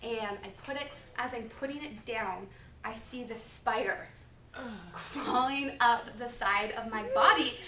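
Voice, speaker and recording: A woman in her twenties giving a topical sermon as a preaching student, telling personal stories in a chatty, animated way full of "like". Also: on the high side, a little slow, slight background noise. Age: 20s. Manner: chatty, animated, filler-heavy with lots of "like". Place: classroom. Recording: echoey classroom, mic far off.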